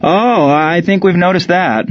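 A man's voice: mid-range voice, fairly quick, no echo, natural voice. A man voicing a blunt, sarcastic American ballplayer. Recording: dry, dull lo-fi sound.

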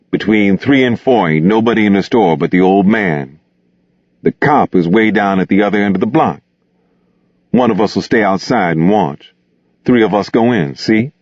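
Read by a man, a restless streetwise young man speaks bluntly in clipped slang, his voice low and deep. The delivery is lively, rising and falling, on a dull, dry, lo-fi recording. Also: no room sound.

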